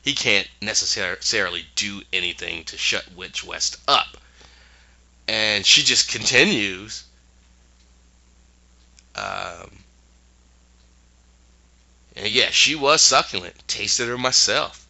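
A man's voice: on the low side, takes it slowly, creaky, pauses often, sharp tone, muffled recording. A man casually recapping a TV episode and acting out the characters' lines in voices. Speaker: podcast host recapping a TV episode.

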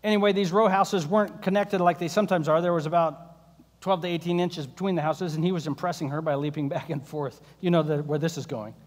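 A man's voice: on the high side, fairly even intonation, fairly quick. A male pastor preaching a sermon, telling stories with wry jokes. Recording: long hall reverb.

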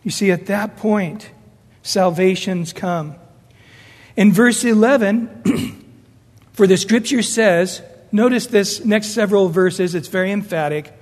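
A man's voice: sits high, slow, long reverb tail. A man preaching a sermon emphatically, rising and falling as he acts out the voices he quotes. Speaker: pastor.

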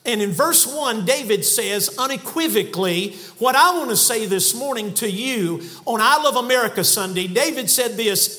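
A man's voice: very high voice, animated, normal speed, hardly any pauses, sharp tone. A man preaching a sermon from a church pulpit, telling folksy stories and building to fervent emphasis. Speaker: guest preacher.

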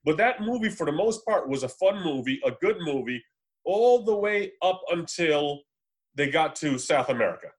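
Rambling, higher-voiced man chatting about movies. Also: lively intonation, normal speed, husky. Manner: rambling, lots of fillers and restarts, swears. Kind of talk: casual chat.

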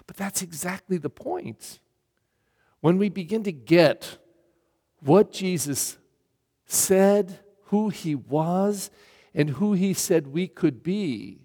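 Middle-aged man, pastor, blunt emphatic sermon, fairly high voice, long church reverb. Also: expressive, slow, dark tone. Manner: blunt, emphatic preaching with rhetorical questions. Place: church during Mass.

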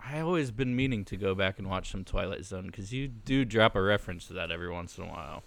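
A man's voice: low-pitched, lively intonation, fast talker, gravelly, a bit bright. A man co-hosting a podcast in easygoing casual chat, teasing his friend and laughing along. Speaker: podcast co-host.

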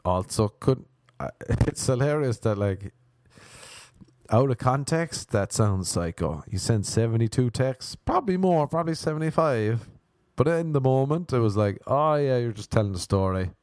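A man's voice: mid-range voice, expressive, normal speed, darkish tone, no room sound, clean studio sound. An Irish man rambling through a comic story, loose, profane and self-mocking. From Ireland.

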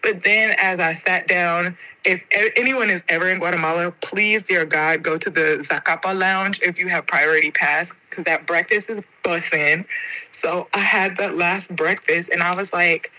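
Podcast guest, young American woman, bright and expressive, emotional storytelling. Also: on the low side, normal speed, low-quality recording. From United States (Georgia). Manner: expressive, slangy, heartfelt.

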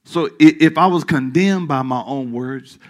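A male pastor preaching a sermon in church, calling out questions to the congregation and dropping into hushed asides. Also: a little high, a little slow. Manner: call-and-response preaching, swings from loud to hushed asides.

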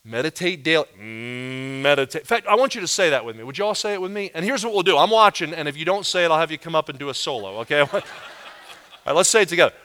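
A pastor delivering a sermon with a bright, forceful voice that sits a little high for a man. He preaches with animated emphasis, lifting his voice on the words he wants to land. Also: rapid-fire.

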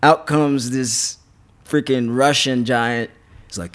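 A fighter appearing on a podcast tells stories in a rambling, casual manner, often restarting and laughing a lot. His mid-range voice is animated yet unhurried.

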